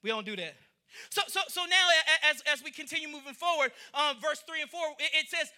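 A man preaching to a congregation with a high, sharply bright voice. He tells the scripture story with animated character voices. His speech has an African lilt, and he keeps calling out to the crowd. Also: fairly quick. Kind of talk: sermon. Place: church in front of a congregation.

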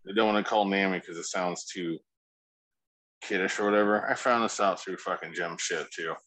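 A man's voice: low voice, normal speed, fairly bright tone, no room sound, poor audio. A man co-hosting a casual podcast, laid-back and rambling, swearing freely. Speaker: podcast co-host.

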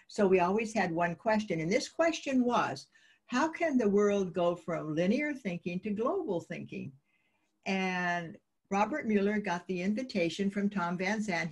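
A woman guest in an interview, telling lively anecdotes and acting out the dialogue of the people in them. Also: fairly low pitch, husky. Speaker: guest, peace advocate. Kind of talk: interview storytelling.

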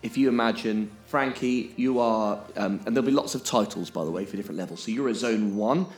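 A man with a fairly low voice, co-hosting a podcast. He explains things emphatically and keeps checking that his listener is following. Faint music plays underneath. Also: a little fast. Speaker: podcast co-host.

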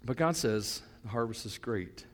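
A middle-aged male pastor preaching a sermon, moving between soft, reflective asides and loud, fervent stretches. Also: mid-range voice, lively intonation, moderate pace, long reverb tail.

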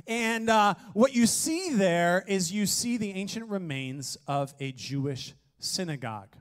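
A man preaching a sermon, energetic and joking, with playful asides to his congregation. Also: sits high, a little slow. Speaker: pastor.

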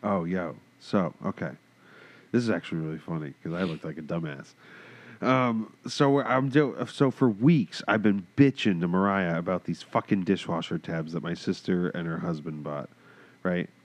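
A man's voice: deep voice, moderate pace. A man in a casual podcast chat who tells a story with plenty of swearing and laughter. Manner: animated, swearing, laughs through his story.

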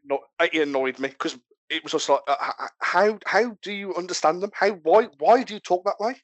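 British dude joking dark and deadpan, slightly high voice, super dry close mic. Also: male voice, fairly quick, no room sound. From Britain. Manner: deadpan dark jokes, mock outrage. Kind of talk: casual banter.

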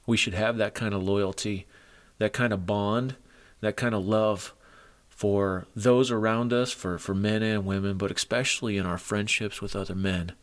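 A man's voice: fairly low pitch, fairly even intonation, moderate pace. A middle-aged man preaching a sermon to men, earnest and moved, retelling stories with feeling. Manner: emotional, earnest storytelling.

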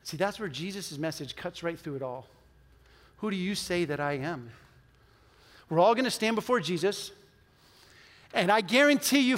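A man's voice: high-pitched, animated, normal speed, pauses often, a bit bright. A man pastor preaching a sermon in a church, telling a story, urging the congregation and leading a prayer, earnest and emphatic. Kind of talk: sermon with altar call and prayer. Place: church sanctuary with a loft. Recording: long hall reverb of a church.

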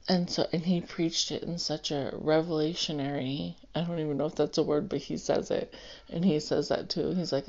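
A woman's voice: low-pitched, steady tone, normal speed, a little mellow. A woman sharing a personal Christian testimony, earnest and rambling with many fillers, seated indoors. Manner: emotional, close to tears. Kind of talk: personal testimony, casual storytelling. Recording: dull, lo-fi home recording.

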